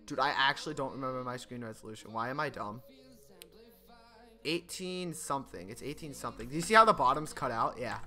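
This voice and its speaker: Man, gaming streamer, bright sharp voice, chatty, excitable, laughs a lot, faint music behind. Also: mid-range voice. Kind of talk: casual gameplay commentary. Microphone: desk microphone.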